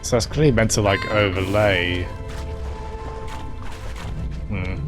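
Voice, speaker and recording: A man's voice: fairly low pitch, slow, music in the background. A man giving live commentary on a game, chatting with viewers and laughing often. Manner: chatty, laughs often, talks to chat by name. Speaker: game streamer.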